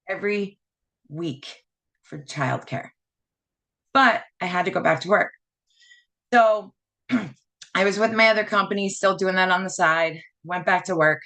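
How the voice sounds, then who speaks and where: A woman's voice: medium pitch, slow pace, pauses often, bright, forceful tone. A woman in her thirties giving a personal testimonial as a network marketing presenter, rambling through her story with lots of "like" and "you know".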